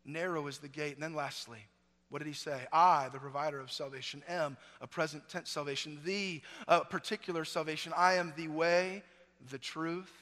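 A middle-aged male pastor preaching a sermon, swinging from loud, emphatic peaks down to hushed, low passages. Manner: preaching with sweeping swings in volume, from near-shouts to hushed lows. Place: church sanctuary. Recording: long church-hall reverb.

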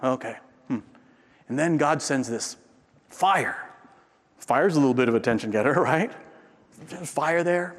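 A man preaching a sermon in a conversational way, tossing in "right?" and swinging from loud peaks down to a near-whisper. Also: fairly high pitch, a little slow, long pauses, big-room sound. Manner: frequent tag question "right?". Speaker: pastor.

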